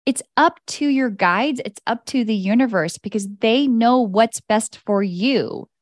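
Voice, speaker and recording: A woman's voice: on the high side, unhurried, no echo, clean studio sound. A woman hosting a podcast as an energy coach, talking in a casual, candid monologue. She swears freely and laughs often.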